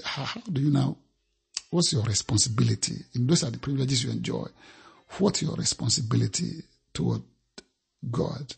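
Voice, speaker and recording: A man's voice: mid-range voice, creaky, breathy edge. A man preaching a sermon, emphatic and repeating phrases for effect.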